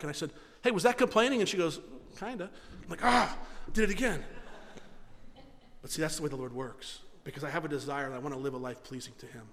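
A male pastor with a notably high voice preaches from the pulpit, his words ringing out with a long church-hall reverb. He tells stories briskly, repeating phrases in quick bursts and poking fun at himself, then sinks to a hushed, low tone when he stresses a serious point. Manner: animated storytelling with rapid repetitions and self-mocking asides; drops to a low, quiet voice for solemn points. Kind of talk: sermon.

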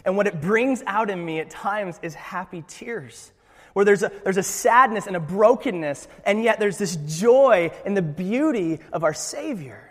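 High-voiced young pastor, animated sermon. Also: male voice, a little slow, big-room sound. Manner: animated, joking, with frequent restarts.

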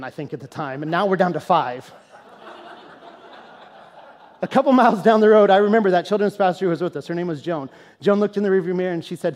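A man preaching a sermon as a pastor, telling a story in an animated, conversational way and then teaching in a more earnest, quieter tone. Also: high voice. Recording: long hall reverb.

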